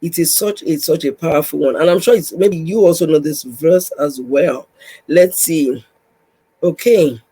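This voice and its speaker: A woman's voice: sits low, unhurried, breathy edge, rough recording. A woman hosting a faith podcast, exhorting listeners with repeated, direct phrases. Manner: repetitive, exhorting, addresses listener warmly. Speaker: podcast host, pastor's wife.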